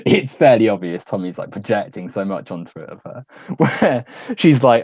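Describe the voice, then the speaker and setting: A man's voice: on the low side, lively intonation, moderate pace, darkish tone, no room sound, lo-fi sound. A man hosting a stream, chatting casually and rambling with a lot of fillers while he keeps laughing. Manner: giggly, rambling, lots of fillers. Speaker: stream host. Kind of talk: casual chat.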